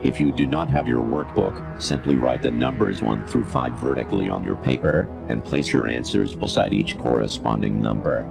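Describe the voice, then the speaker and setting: A man voicing a cold adult male narrator of an instructional tape in a horror game, reading measured and formal instructions. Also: extremely low pitch, sing-song, gravelly, music in the background, full character voice. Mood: ominous.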